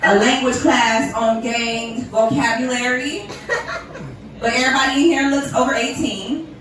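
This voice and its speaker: A woman's voice: a little high, steady tone, unhurried, noisy background. A woman from Ohio doing a profane stand-up set, brash and laughing at her own jokes. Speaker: stand-up comedian. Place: comedy club stage. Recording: echoey room miked from a distance. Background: laughing live crowd.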